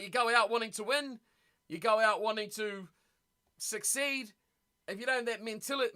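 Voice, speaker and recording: A man's voice: high-pitched, pushed and bright. A man hosting a rugby watch-party stream, ranting bluntly in casual chat and reacting to viewer comments.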